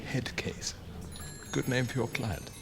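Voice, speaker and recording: An actor playing a chatty, wry barrister fond of betting. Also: male voice, mid-range voice, animated, slow pace, vocal fry, fairly bright tone, exaggerated voice. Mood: jovial. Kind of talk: TV drama acting. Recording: background hiss.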